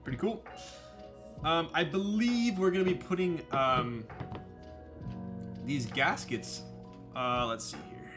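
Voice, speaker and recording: Over background music, a young man with a slightly high, animated voice talks slowly, leaving long pauses. He's live streaming a keyboard build, joking, teasing, and reading the chat aloud.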